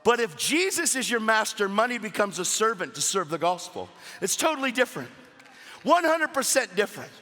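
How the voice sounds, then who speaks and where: A man preaching a sermon at a church service, animated and casual, with slangy asides to the crowd. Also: sits high, fairly quick, in a large hall.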